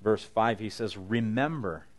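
A man's voice: on the low side, animated, normal speed. A middle-aged man preaching a sermon in an earnest, conversational way, paraphrasing scripture in his own words. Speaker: pastor.

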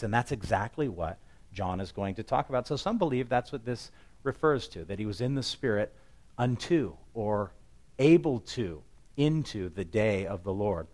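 Lively conversational preacher, man. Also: medium pitch. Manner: lively, conversational preaching with sudden loud emphasis and quiet asides. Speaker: pastor. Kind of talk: expository sermon.

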